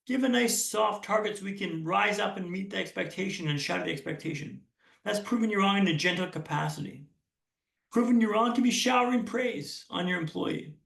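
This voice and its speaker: A young man delivers a motivational keynote in a large hall, telling his story earnestly with frequent restarts. His voice sits high with a gravelly edge. The sound is roomy and picked up from some distance away. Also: moderate pace, fairly bright tone. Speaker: keynote speaker.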